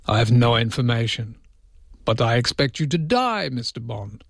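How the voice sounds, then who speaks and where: A man doing a mock Russian accent as a deadpan, villainous male official on a radio show. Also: medium pitch, normal speed, creaky, dry recording, studio quality.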